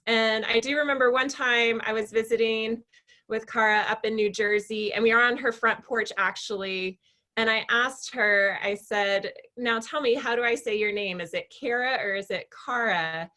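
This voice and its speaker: A woman's voice: on the high side, steady tone, normal speed. A woman hosting a book club interview, chatty and telling stories, with fillers between her thoughts. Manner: chatty, warm storytelling with fillers.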